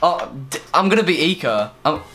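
A young man giving excitable, sweary live commentary over a game, yelling one moment and groaning the next. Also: on the high side, fairly quick, slight background noise. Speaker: gaming streamer.

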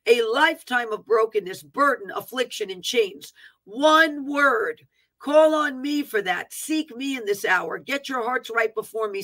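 Woman preacher, bright, sharp tone, declaiming a prophetic word with asides. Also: fairly high pitch, rough recording. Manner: earnest, declaiming, with asides on capitalization. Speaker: prophetic minister.

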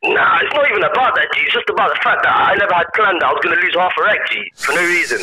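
A young man calling in by phone, loud and agitated, saying "G" constantly. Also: high-pitched, animated, racing, breathy edge. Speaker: caller. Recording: phone line.

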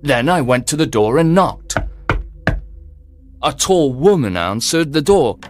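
Expressive male audiobook narrator. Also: a little high, a little slow, noisy background. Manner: clear, expressive first-person telling. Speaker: storyteller. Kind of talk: scripted audiobook narration for learners. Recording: soft background music.

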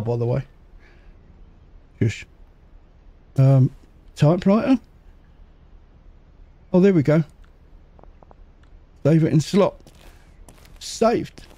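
A man casually commentating a game as he plays, muttering to himself and making quick jokes. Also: high voice, warm tone, dry recording. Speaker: gaming channel host. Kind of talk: casual let's-play commentary.

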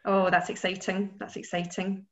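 A woman's voice: mid-range voice, flat delivery, moderate pace. Enthusiastic woman interviewer on a dull line. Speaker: librarian interviewer. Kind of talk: online interview. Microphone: video call.

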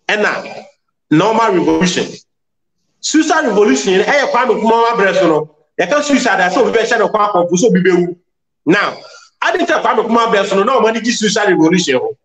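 Man laying out an argument step by step, high voice, roomy echo. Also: a bit bright. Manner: explanatory, argues point by point. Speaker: discussion participant. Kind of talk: casual discussion in Twi mixed with English.

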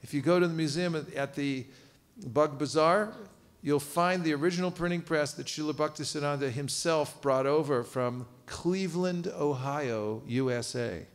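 A man's voice: on the high side, moderate pace. A man giving a live seminar lecture, quizzing his audience and cracking jokes. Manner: lively, quizzes audience, joking asides. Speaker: seminar teacher. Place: temple cultural hall.

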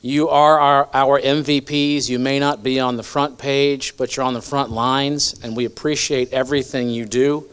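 A man's voice: medium pitch, little pitch movement, normal speed, few pauses, fairly bright tone, clean tone. A man giving earnest, grateful closing remarks at a luncheon in a banquet hall. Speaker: event host.

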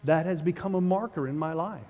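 A man's voice: a little high, a little fast, a little mellow, long reverb tail, dull audio. Man preaching with dry sarcastic wit. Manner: conversational, dryly humorous, sarcastic wit. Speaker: pastor. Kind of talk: sermon. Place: church sanctuary.

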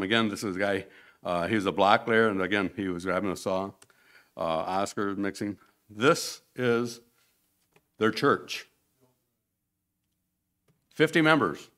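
A man's voice: lowish voice, a bit bright. A man giving a rambling, conversational mission report at a church podium, often restarting his sentences. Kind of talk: informal church presentation with slides.

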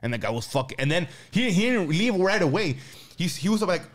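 Fast-talking man telling a story. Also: high-pitched. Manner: profane, animated, laughs while telling. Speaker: podcast co-host telling a story. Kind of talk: casual storytelling chat. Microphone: studio microphone.

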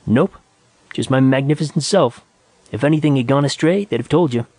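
A man's voice: mid-range voice, brisk, darkish tone, dry recording, voice pushed up, close to an everyday voice. A man voicing a cheerful, teasing male astronaut in a science fiction audiobook, in a raised, bouncy voice. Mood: joking.

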